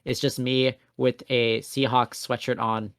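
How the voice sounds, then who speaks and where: A man's voice: mid-range voice, flat delivery, unhurried, a bit bright, no echo, studio quality. A young man co-hosting a casual podcast, telling a rambling, self-mocking story with a passive-aggressive edge. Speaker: podcast co-host.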